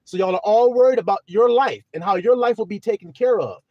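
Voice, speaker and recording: A man preaching on a livestream, swinging from soft talk to shouting and drawing out scripture slowly. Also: high voice, no echo, highs cut off. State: teary. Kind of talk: livestream sermon.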